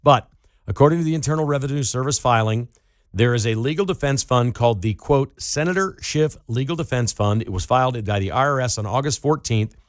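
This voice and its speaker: A man's voice: medium pitch, fairly quick, no room sound. Opinionated male talk radio host, dry studio. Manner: opinionated, sarcastic, emphatic. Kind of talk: political talk radio monologue. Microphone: studio microphone.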